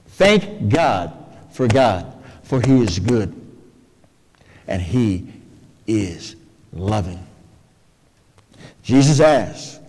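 A man preaching a sermon, folksy and expressive, dropping to soft low phrases and jumping to high, emphatic ones. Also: drawn-out words, long pauses. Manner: folksy, colloquial asides. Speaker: pastor. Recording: long hall reverb.

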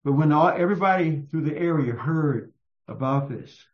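A man preaching a sermon in a slow, emphatic storytelling manner. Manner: slow, emphatic storytelling with raised-pitch quotes. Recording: echoey, muffled room sound.

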